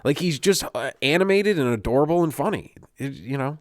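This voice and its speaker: A man's voice: fairly high pitch, expressive, fairly quick, no room sound, studio quality. A man co-hosting a casual podcast, crude and jokey, laughing often. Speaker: podcast co-host. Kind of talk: casual chat. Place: home basement.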